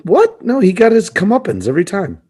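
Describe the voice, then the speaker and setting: A young man co-hosting a comedy podcast, riffing in an animated, mock-outraged way and laughing often. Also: sits high, brisk, husky. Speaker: podcast co-host. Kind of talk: casual comedic chat.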